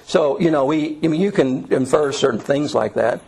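A man's voice: on the high side, moderate pace, creaky, a little mellow, low-quality recording. A middle-aged man leading an informal Bible study class, lecturing in a conversational way with frequent fillers and restarts.

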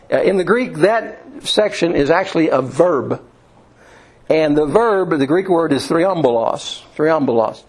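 A man's voice: on the high side, husky, poor audio. Folksy man preaching, restarts a lot. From Indiana, USA. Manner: folksy storytelling with many restarts and fillers. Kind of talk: sermon.

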